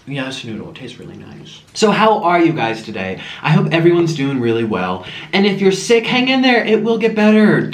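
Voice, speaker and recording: A man chatting casually to viewers while eating on camera, gushing and chatty, sometimes talking with his mouth full, at home. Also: on the high side. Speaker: mukbang vlogger. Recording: echoey room with faint music.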